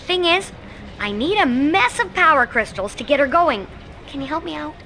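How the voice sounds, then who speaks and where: A woman's voice: high voice, lively intonation, moderate pace, pushed and bright, slight background noise, exaggerated voice. An actress playing a folksy, rowdy female possum racer with a drawl, in a video game cutscene. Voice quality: twangy hick drawl.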